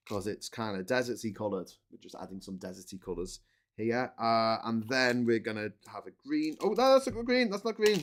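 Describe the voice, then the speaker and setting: A man, chatting casually and joking as he assembles a model, often correcting himself. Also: medium pitch. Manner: chatty, rambling, self-correcting, jokey. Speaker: host building a model while talking. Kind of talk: casual live chat.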